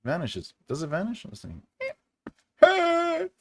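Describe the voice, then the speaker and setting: A man's voice: a little high, sing-song, normal speed, a bit bright. A man hosting a casual live stream for a writing channel, chatting with viewers in a playful, rambling way and repeating phrases for fun. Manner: chats to live viewers and reads their comments. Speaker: livestream host for a writing channel.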